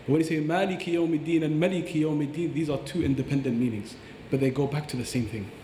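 A fast-talking man with a mellow voice explains recitation like a patient teacher, slipping into recited Arabic phrases. He sounds roomy, with a long reverb trailing his words in a large hall. Faint ambience sits behind him. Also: a little high, steady tone, slight background noise. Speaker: Quran teacher. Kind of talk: podcast explanation.

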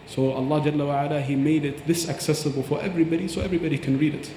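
A man's voice: fairly high pitch, fairly even intonation, very fast, warm tone, roomy sound, big-room sound, slight background noise. A man teaching about Quran recitation on a podcast, earnest and explanatory, demonstrating pronunciations aloud.

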